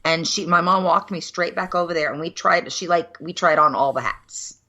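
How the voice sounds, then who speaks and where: A woman's voice: on the low side, moderate pace, muffled recording. A woman, co-hosting a casual cocktail podcast and telling stories frankly and with some swearing. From USA, Minneapolis. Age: 50s. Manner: frank and animated storyteller, swears freely. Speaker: podcast co-host. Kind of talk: casual chat over cocktails.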